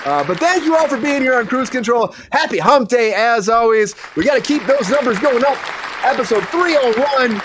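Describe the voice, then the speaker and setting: A man's voice: very high voice, lively intonation, normal speed, crowd noise, background noise. A man hosting a comedy show, rambling in goofy riffs. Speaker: host. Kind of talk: casual comedy show chat.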